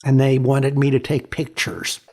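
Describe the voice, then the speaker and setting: A man in his sixties, a photographer being interviewed, telling stories in a halting way with many repeats and fillers. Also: medium pitch, level tone, creaky, a little mellow. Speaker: photographer, guest. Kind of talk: reflective storytelling in an interview.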